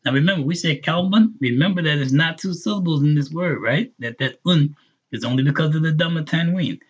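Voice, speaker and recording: A man teaching a live online language lesson, patiently repeating words slowly for learners. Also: on the high side, breathy edge, lo-fi sound. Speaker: Arabic teacher.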